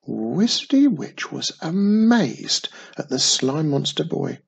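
A woman storyteller reading a children's story aloud in a slow, expressive way. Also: deep voice, creaky, slightly rough, low-quality recording.

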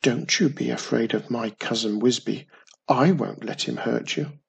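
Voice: mid-range voice, a little slow, creaky, slightly rough, heavily acted. A reader voicing a young witch in a storybook who scolds her cousin and soothes a baby dragon. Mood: soothing. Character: bossy yet tender young witch woman. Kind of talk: storybook reading.

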